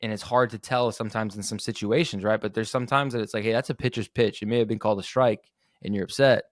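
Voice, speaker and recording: A man's voice: fairly low pitch, fairly even intonation, fast talker, no echo, clean studio sound. A young man hosting a podcast, ranting casually and profanely with lots of restarts and self-corrections. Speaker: podcast host. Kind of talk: casual rant.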